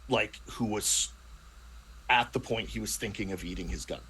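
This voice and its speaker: A man's voice: on the low side, normal speed, fairly bright tone, breathy edge, low-quality recording. A man chatting casually about the tabletop game he plays in, rambling and restarting his sentences often. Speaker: player in a tabletop role-playing show. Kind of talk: casual chat.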